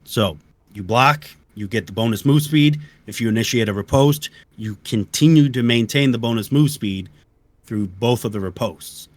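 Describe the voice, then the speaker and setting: In a casual chat, a man is interviewed about a video game and gives detailed technical explanations, dropping in soft-spoken asides. His voice is mid-range, his speed normal, and the recording is dry.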